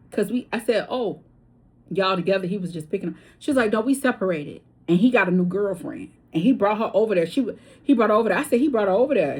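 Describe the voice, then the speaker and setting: A woman giving a casual tarot reading, chatty and blunt, with swearing and story asides, her voice swinging between loud and hushed. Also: medium pitch, breathy edge. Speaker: tarot reader.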